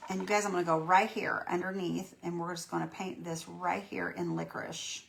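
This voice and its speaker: A woman's voice: fairly low pitch, animated, fairly quick, vocal fry, slight background noise. A woman hosting a live painting demo, chatting in a folksy, encouraging way with her viewers. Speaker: craft tutorial host.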